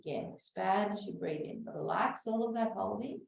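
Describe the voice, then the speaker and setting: Calm woman instructor in an echoey room. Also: mid-range voice, vocal fry. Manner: calm, slow cueing of breaths with soft whispered moments. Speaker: exercise class instructor. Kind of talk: guided breathing and back-care class. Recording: echoey room, voice from far off the mic.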